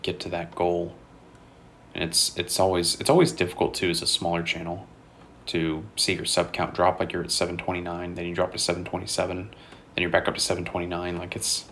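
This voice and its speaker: A man's voice: sits low, creaky, slight background noise. A tired man rambling casually with lots of fillers while he plays a video game. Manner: rambling, relaxed, many fillers and restarts. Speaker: gaming channel host.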